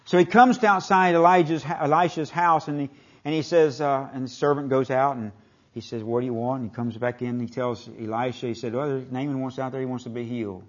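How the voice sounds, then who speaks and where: An older man preaching a sermon in a folksy way, retelling scripture in plain speech and swinging from booming declarations to near-whispers. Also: steady tone, brisk, muffled recording.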